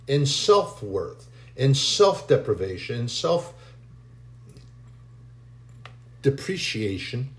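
A man's voice: medium pitch, roomy sound. A man giving an informal, conversational sermon, acting out quoted voices and repeating phrases for emphasis. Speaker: preacher.

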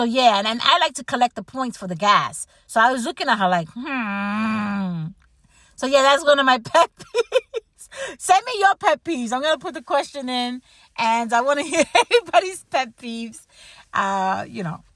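Woman host ranting away in a casual chat, kinda high voice, dry close sound. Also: no room sound. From United States. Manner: animated ranting, laughs at herself. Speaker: podcast host.

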